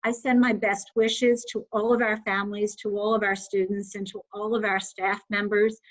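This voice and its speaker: A woman's voice: medium pitch, level tone, normal speed, low-quality recording. A woman school superintendent giving earnest, heartfelt remarks at a board meeting.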